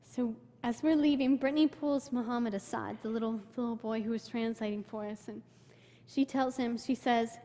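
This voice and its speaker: A woman's voice: a little high, fairly even intonation, normal speed, dark tone. A young woman telling a congregation about a mission trip, storytelling with feeling and quoting the people she met. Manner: emotional storytelling, quotes people in her own voice. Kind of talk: personal testimony to a church. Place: church sanctuary. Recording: long hall reverb.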